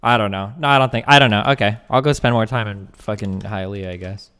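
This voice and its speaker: A young man doing casual live-stream commentary, reading text aloud fast and breaking off to chat, joke and swear. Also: lowish voice, a bit bright, clear, resonant tone, in a large hall.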